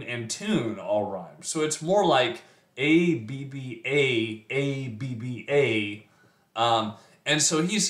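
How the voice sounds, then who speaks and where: A man reading a sonnet aloud, then explaining it like a teacher, often pausing with fillers and restarting. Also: medium pitch. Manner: slow and measured, with frequent fillers and restarts. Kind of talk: poetry reading and lesson. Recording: roomy echo.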